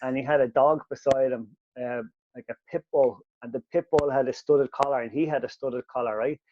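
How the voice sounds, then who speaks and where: A man, co-hosting a podcast and telling animated, sweary stories in casual chat. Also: mid-range voice, a little fast, no room sound, muffled recording. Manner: animated storyteller, swears freely. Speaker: podcast co-host.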